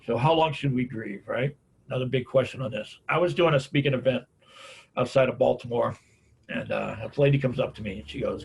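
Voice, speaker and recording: His mid-range voice is gravelly with a breathy edge, and he talks fast. The middle-aged American caregiving speaker spins folksy stories about caregiving and grief, repeatedly capping sentences with "man" and "on it."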